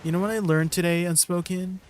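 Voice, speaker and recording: A man's voice: sits high, steady tone, a little fast, faint music behind. A man casually chatting on a game stream, explaining gear and greeting viewers from chat.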